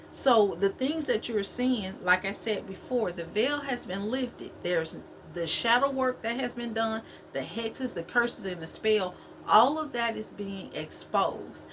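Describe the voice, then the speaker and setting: Woman, spiritual vlog talk, repetitive and preachy, mid pitch, faint noise. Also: fairly bright tone. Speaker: spiritual vlogger.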